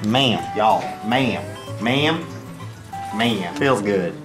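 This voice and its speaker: A man's voice: lowish voice, lively intonation, very slow, loud music behind the voice, voice pushed down. A man putting on an exaggerated Southern drawl for a comedy bit.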